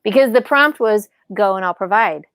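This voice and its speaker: Animated storytelling woman, dry sound. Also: normal speed, clear, resonant tone, no echo. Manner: animated, acts out quoted dialogue in higher voices. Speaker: podcast guest, author and speaker. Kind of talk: casual storytelling.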